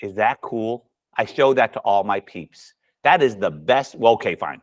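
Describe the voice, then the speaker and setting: A man's voice: on the low side, moderate pace, few pauses. A man coaching golf at a seminar for fellow coaches, talking casually and acting out dialogue with his students. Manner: animated storyteller acting out dialogue.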